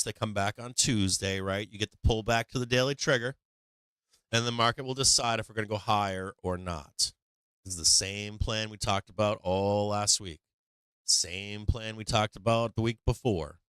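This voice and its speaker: A man's voice: fairly low pitch, pushed and bright, clean tone, no room sound. Rambling man hosting a market livestream. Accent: none, dropped his Boston accent. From Boston. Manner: rambling, conversational, many fillers and restarts. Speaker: stock market livestream host. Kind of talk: casual livestream chat.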